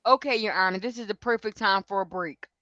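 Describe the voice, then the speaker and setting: A woman co-hosting a livestream who reads a court transcript aloud as the questioning lawyer, in a brisk clipped way, and chats casually between readings. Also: mid-range voice, bright, forceful tone, no room sound, lo-fi sound. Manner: questions in a brisk clipped way, each ending with "right?". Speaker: livestream co-host.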